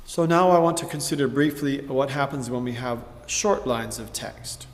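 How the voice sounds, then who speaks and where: In a measured spoken tutorial, a man with a mid-range voice teaches psalm chanting, occasionally pausing to sing brief demonstration phrases. The room is spacious, with long reverb.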